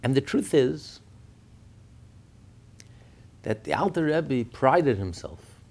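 A man's voice: medium pitch, slow. A man teaching a Torah class, telling stories with rhetorical questions and acting out the quoted speakers. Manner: animated storytelling, acts out quotes, rhetorical questions. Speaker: rabbi teaching.

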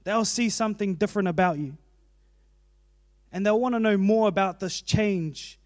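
This preacher's sermon is earnest and conversational, given at a moderate pace in a fairly high male voice. Plain and personal, it includes asides from his own life. The sound is dry and close, with no room echo.

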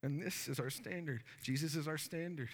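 A man's voice: on the high side, normal speed, big-room sound. A man, a pastor, preaching a sermon and telling a story earnestly, with many fillers.

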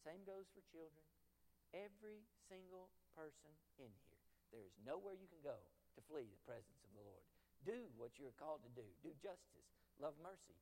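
High, lively-voiced preacher in a reverberant church. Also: male voice. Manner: emphatic, animated preaching. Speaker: pastor. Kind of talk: sermon. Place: church sanctuary. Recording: long church-hall reverb.

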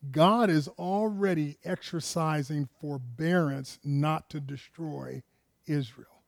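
A man's voice: fairly high pitch, takes it slowly, gravelly, no room sound, clean studio sound. A man preaching a conversational sermon, firing rhetorical questions at his listeners and often repeating words and restarting phrases.

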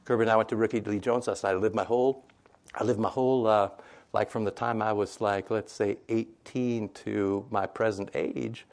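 A man's voice: fairly low pitch, fairly even intonation, normal speed, a little mellow. A man giving an informal scripture lesson, chatty and conversational, retelling the story in everyday modern language and often checking in with "right?". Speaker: Bible teacher.

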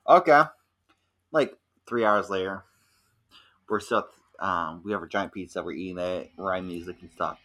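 A young man in casual podcast chat, telling a rambling, animated story full of fillers. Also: low-pitched, normal speed, pauses often. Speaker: podcast co-host.

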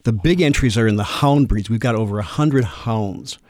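A man who is a kennel club president and dog show judge, talking through judging points in a casual radio interview, measured and full of small fillers. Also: on the low side, a little mellow, no echo, studio quality. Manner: measured, explanatory, with frequent fillers.

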